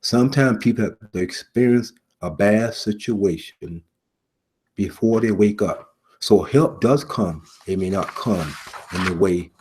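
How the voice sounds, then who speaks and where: A middle-aged man, formerly in law enforcement, delivering an earnest sermon-style message with repetition and pauses. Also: lowish voice, a little mellow, breathy edge. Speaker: preacher, former police officer.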